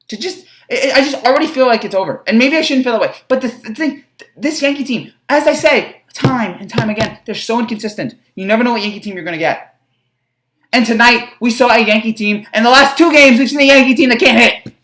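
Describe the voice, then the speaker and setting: A woman's voice: on the high side, fairly bright tone. A young woman ranting as a sports fan vlogger, frustrated and rambling, with stammered restarts. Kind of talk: fan reaction rant. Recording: echoey room.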